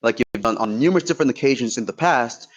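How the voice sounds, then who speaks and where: A man's voice: mid-range voice, animated, fast, lo-fi sound. A man debating heatedly in an online voice chat. He swears freely and trash-talks his opponent while laying out his points step by step. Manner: combative, profane trash talk.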